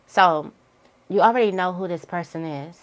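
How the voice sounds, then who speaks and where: Give me a low-voiced woman, chatting candidly through a tarot reading. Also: normal speed. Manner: chatty, candid, breaks into high-pitched quoted voices. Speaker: tarot reader. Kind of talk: casual tarot reading monologue.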